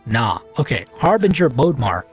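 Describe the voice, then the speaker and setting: A man's voice: medium pitch, sing-song, moderate pace, faint music behind. A man hosting a let's play, chatting casually and playfully while he reads the game aloud. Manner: chatty, playful, self-mocking.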